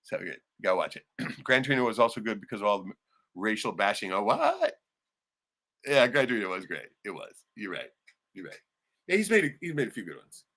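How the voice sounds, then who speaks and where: A man's voice: fairly low pitch, fairly quick. Profane, rambling man on a livestream. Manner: profane, rambling, swings loud and excited. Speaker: livestream host. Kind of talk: casual livestream chat.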